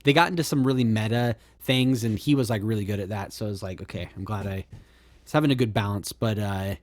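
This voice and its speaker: A man's voice: fairly low pitch, fast, a little mellow, no echo. A man co-hosting a podcast in casual chat, rambling with fillers and restarts. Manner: rambling, frequent fillers and restarts, laughs often. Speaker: podcast co-host.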